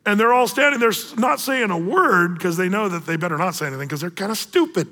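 A man preaching a sermon as pastor, animated and acting out the voices of the people in the story. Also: sits high, fast talker, big-room sound.

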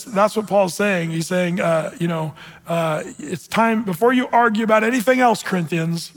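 A male pastor preaching a sermon in an animated, conversational teaching style with frequent asides, in a church sanctuary. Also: sits high, in a large hall.

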